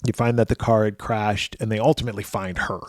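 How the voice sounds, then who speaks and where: A man's voice: fairly low pitch, level tone, quick pace, dry recording, studio quality. A man co-hosting a podcast, recapping a horror film in a rambling, profane way. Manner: profane, rambling retelling with restarts. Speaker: podcast co-host. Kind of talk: casual film recap chat.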